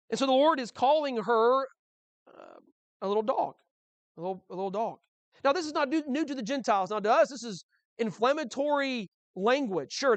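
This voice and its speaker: A man's voice: extremely high pitch, no echo. A male pastor preaching a sermon in a conversational way, with frequent restarts and rhetorical questions.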